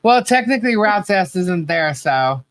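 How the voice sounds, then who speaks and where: A man's voice: sits high, very animated, normal speed, a bit bright, smooth, no echo. Laughing playful male livestream co-host. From not from Australia. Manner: laughs often, reads chat aloud, playful chanting. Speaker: podcast co-host. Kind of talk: casual livestream chat.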